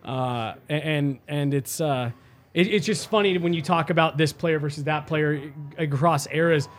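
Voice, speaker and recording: A man host, fairly high voice, thinking out loud, restarts a lot. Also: normal speed. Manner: thoughtful, musing, with many restarts. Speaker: podcast host. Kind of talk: casual sports chat.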